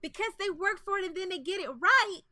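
A woman's voice: very high-pitched, lively intonation, brisk, crowd noise. A woman co-hosting a casual chat, emphatic and laughing often. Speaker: podcast co-host.

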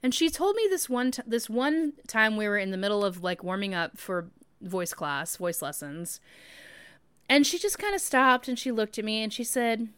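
A woman's voice: a little high, lively intonation, normal speed, fairly bright tone, smooth, no echo. A woman in her thirties hosting a podcast, talking in a chatty, rambling way full of "like" and "um". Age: 30s. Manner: chatty, rambling, many "like" and "um" fillers. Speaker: podcast host. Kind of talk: casual podcast monologue.

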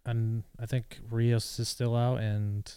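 Male podcast co-host, deep mellow tone, clear, terse and easygoing, dry sound. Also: little pitch movement, slow, dry recording. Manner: laid-back, terse, swears casually. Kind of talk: casual chat.

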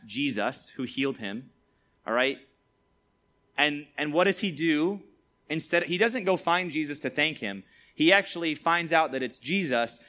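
Here a youth preacher with a medium-pitched, sharp voice leads an informal Bible lesson. He keeps it chatty, leaning on "like" and asking "all right?" along the way.

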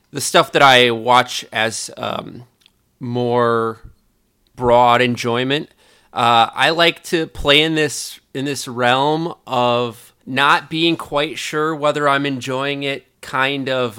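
A man's voice: mid-range voice, bright, forceful tone, smooth, no room sound, clean studio sound. A man hosting a podcast and chatting casually, articulate and playful as he introduces the show. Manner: articulate, playful, self-aware. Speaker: podcast host.

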